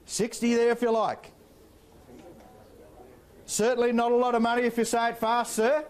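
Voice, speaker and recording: An Australian man working as an auctioneer, calling bids in a rapid rhythmic patter with playful banter to the bidders. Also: very high voice, monotone. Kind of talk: live property auction calling.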